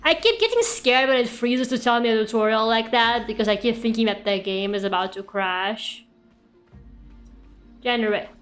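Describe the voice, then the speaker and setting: A woman's voice: fairly high pitch, normal speed, soft background music. A young woman whose first language is Russian, chatting casually and rambling through stories as a VTuber playing a game in an echoey room. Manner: animated, rambling storyteller who laughs often. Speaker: VTuber streamer. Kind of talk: casual gaming stream chat.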